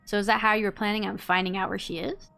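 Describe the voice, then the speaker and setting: A woman's voice: mid-range voice, level tone, quick pace, creaky, fairly bright tone, smooth, soft background music. A woman reading an angry young man. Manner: harsh, swearing accusations.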